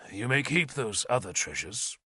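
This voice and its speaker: A man voicing a calm, commanding warlord who speaks low and measured. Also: breathy edge, dry recording, studio quality, exaggerated voice. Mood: stern. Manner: low, measured, quietly stern.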